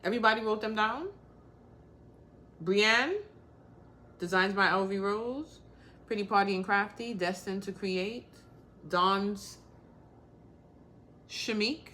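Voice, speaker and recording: A woman's voice: mid-range voice, takes it slowly, long pauses, bright, forceful tone. A woman hosting a casual crafting livestream, talking bluntly and straight to the point while calling out viewers by name.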